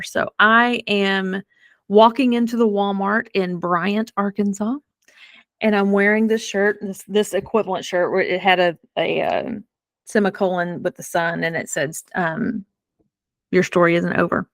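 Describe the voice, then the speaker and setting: Woman podcast host, middle-aged, chatty and animated storytelling, dry close sound. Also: medium pitch, measured pace, no echo. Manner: chatty, animated, self-deprecating humor. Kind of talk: casual storytelling.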